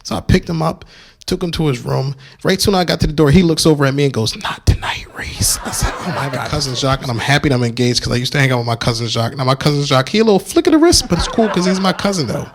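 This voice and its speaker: A young male stand-up comic spins a story fast and playfully, his voice leaping up and down in pitch. A gravelly edge runs under his lively delivery. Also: noisy background. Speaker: stand-up comedian.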